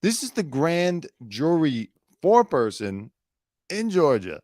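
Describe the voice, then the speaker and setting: A man's voice: on the high side, slow, no echo, clean studio sound. A man hosting a commentary show, sarcastically mocking a news clip and laughing. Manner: sarcastic, laughing, animated mockery. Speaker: show host.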